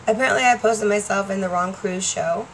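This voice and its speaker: A woman's voice: medium pitch, a little hiss or hum, low-quality recording. A woman vlogger talking casually to the camera, rambling and laughing often. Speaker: vlogger and stage performer.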